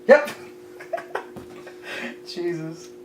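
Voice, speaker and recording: A man's voice: high-pitched, expressive, drawn-out words, far from the mic, soft background music. A young man in casual chat among friends, teasing and wry, often trailing off into mutters. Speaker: podcast regular. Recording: echoey room with faint hum.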